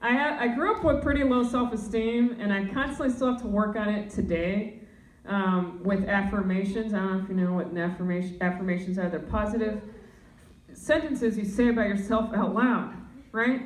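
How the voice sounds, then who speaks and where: A young woman doing stand-up comedy, talking in a low, deadpan voice with deep tones. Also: moderate pace, roomy sound, recorded from a distance, rough recording. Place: comedy club stage.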